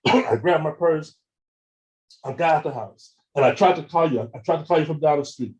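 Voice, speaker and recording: A man giving a seminar talk with slides, retelling events in an animated way, acting out phone calls and often repeating words as he goes. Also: a little high, normal speed, highs cut off. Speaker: seminar speaker.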